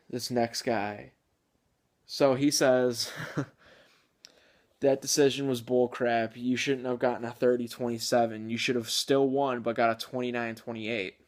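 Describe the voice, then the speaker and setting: A man hosting a gaming channel, chatting casually with lots of filler words and the odd chuckle. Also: mid-range voice. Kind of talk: casual video game commentary.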